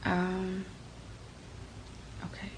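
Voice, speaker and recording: Fast-talking New York woman reading tarot. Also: lowish voice, slight background noise, rough recording. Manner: fast-talking, energetic, reads comments aloud. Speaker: livestream host doing tarot readings. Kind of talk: casual livestream chat.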